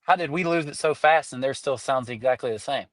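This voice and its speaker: A man's voice: mid-range voice, brisk, dry recording. A young Southern American man on a casual podcast, musing aloud and firing off questions. He talks loosely and restarts his thoughts, heard dry and close to the mic. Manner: curious, asks questions, trails off and restarts. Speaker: podcast co-host.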